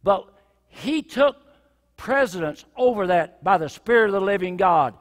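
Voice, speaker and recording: Impassioned high-voiced preaching man. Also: animated, normal speed. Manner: impassioned preaching that swings from shouts to near whispers. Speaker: pastor. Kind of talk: sermon. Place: church sanctuary with a congregation. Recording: reverberant church hall.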